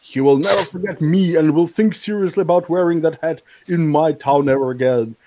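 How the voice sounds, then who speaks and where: A man's voice: on the high side, fairly quick, mellow. A man co-hosting a podcast, reading social media posts aloud with mocking asides and many fillers. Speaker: podcast co-host.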